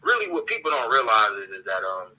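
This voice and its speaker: A man's voice: medium pitch, sing-song, quick pace, pushed and bright, breathy edge, poor audio. A man calling in to a talk show, ranting bluntly and with profanity, often repeating words as he searches for them. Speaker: caller. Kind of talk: heated call-in rant.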